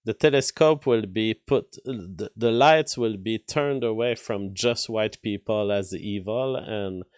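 A man's voice: fairly low pitch, takes it slowly, a little mellow, clean tone, no room sound, clean studio sound. A man with a French accent, a native French speaker, commenting on the news live and answering chat, thinking aloud with many fillers and restarts. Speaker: streamer covering news.

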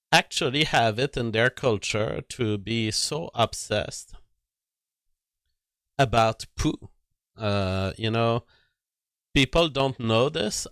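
Slow, smooth-voiced man rambling. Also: mid-range voice, fairly bright tone, dry recording, studio quality. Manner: meandering, restarts sentences often. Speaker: commentator. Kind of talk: rambling storytelling monologue.

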